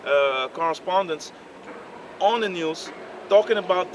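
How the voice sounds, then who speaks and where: A man in a casual group discussion who speaks haltingly with many fillers and builds into heated rhetorical questions. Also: on the high side, lively intonation. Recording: distant mic, clear outdoor noise.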